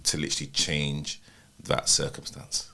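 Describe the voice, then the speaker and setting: Man, extremely deep voice, bright edge, earnest and measured, podcast chat. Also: monotone, gravelly. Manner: earnest, measured advice-giving. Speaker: podcast co-host.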